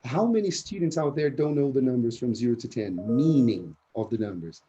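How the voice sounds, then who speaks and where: Male teacher trainer, energetic online talk, warm tone, slightly muffled video-call sound. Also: medium pitch, a little fast, slight background noise. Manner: energetic, keeps asking "yeah?".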